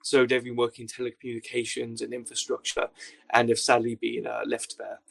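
Gravelly, wry man. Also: medium pitch, a little fast. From Wales. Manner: deadpan, wry understatement. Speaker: guest. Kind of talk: casual storytelling anecdote.

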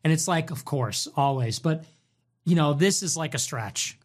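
Sarcastic man hosting a livestream. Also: a little high. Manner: sarcastic, mocking, quick swings in tone. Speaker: livestream host. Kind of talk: casual livestream chat.

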